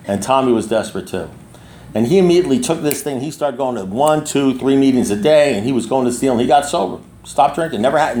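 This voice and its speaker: A man in his sixties addresses a recovery group, rambling through a long personal story full of restarts and asides. His mid-range voice is a little mellow, with reverberant sound and slight background noise.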